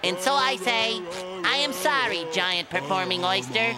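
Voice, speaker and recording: A man's voice: sits high, measured pace. An actor voicing an eager young male sea sponge in a cartoon, giving a grand theatrical speech, in a clip with music behind. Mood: earnest speech.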